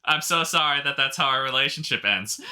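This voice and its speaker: A man's voice: medium pitch, lively intonation, brisk, bright, forceful tone. A man co-hosting a podcast, reading online stories aloud and trading dry jokes in casual chat. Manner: dry joking banter. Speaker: podcast co-host.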